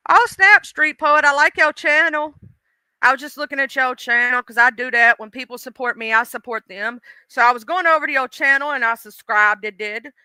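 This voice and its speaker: A woman chatting casually on her live stream, animated and chatty, cursing freely and reacting to her viewers' comments. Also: high voice, moderate pace, clear, resonant tone, dry recording.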